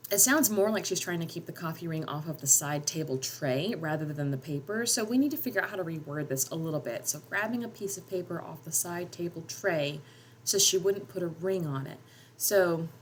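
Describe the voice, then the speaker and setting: In a casual editing tutorial, a writer and editing teacher with a North Georgia Appalachian drawl explains how she edits a short story, musing aloud and saying "um" often. Her voice is fairly low-pitched, with a little background noise.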